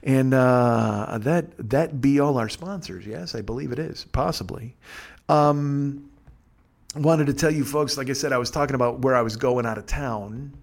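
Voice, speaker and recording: A man's voice: medium pitch, normal speed, gravelly. A man hosting a casual podcast, ranting and swearing with sarcasm and mocking little impressions of other people. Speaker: podcast host.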